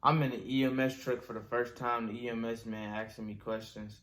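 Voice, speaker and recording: A young man telling a casual story, animated and slangy, acting out his own screams. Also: mid-range voice, fairly quick.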